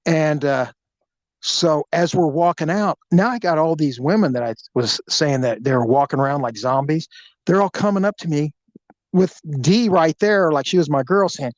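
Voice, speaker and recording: A man hosting a podcast, telling a story in an animated, crude, joking way. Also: a little high, normal speed, no room sound, highs cut off. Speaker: podcast host.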